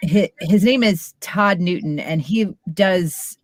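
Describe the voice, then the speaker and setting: Chatty woman with a low voice. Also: slow pace, dry recording. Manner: chatty, laughs easily, tells stories. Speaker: podcast guest, former radio host. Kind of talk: casual interview chat.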